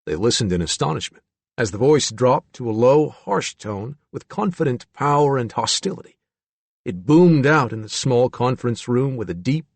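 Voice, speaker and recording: A male audiobook narrator reading with a lively, rising and falling delivery. His voice is slightly husky, recorded close and dry with no room sound. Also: medium pitch, normal speed, no room sound. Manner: expressive, voices several characters.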